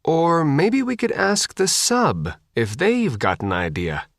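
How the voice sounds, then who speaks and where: A woman's voice: sits low, sing-song, slow pace, no echo, clean studio sound, pitched above the performer's own voice, exaggerated voice. A man reading an audiobook voices a frantic young woman boat captain who swears and panics. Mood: flustered.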